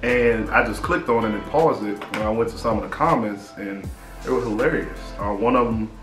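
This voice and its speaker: An American man hosting a reaction video, chatting casually and telling stories in an excited, laid-back way. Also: lowish voice, fairly quick, roomy sound, music in the background. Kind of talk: casual chat.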